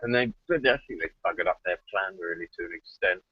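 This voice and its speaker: Man, husky, dry close sound, blunt and sweary on a lo-fi call. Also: low-pitched, fast talker, dry recording. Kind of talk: casual online discussion.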